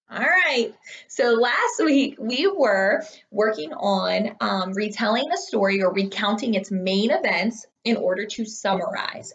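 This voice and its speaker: A young woman with a mid-range voice, heard through a muffled recording, teaches third graders in an online lesson. She's upbeat and encouraging, speaking directly to the children.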